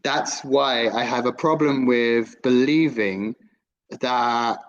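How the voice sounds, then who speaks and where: A man co-hosting a film podcast who talks in a measured way, filling in details and laughing often. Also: mid-range voice, highs cut off. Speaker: podcast co-host. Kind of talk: casual film-review chat.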